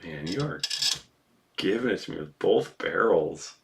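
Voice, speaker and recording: A man's voice: deep voice, lively intonation, measured pace, gravelly. A man from the US Northeast, a craft streamer, chatting casually with his viewers in a rambling, self-deprecating way and swearing freely. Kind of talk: casual livestream chat.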